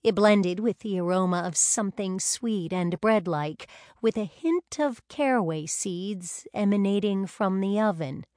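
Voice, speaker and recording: A woman narrating a novel in a measured, unhurried reading. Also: mid-range voice, a little mellow, no echo, studio quality. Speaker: audiobook narrator. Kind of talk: scripted narration.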